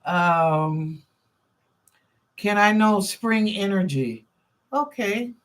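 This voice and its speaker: Slow, chatty woman giving psychic readings. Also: mid-range voice, expressive. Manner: chatty and informal, thinks aloud, repeats phrases. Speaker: psychic reader and show host. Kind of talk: live-stream psychic readings, answering chat questions.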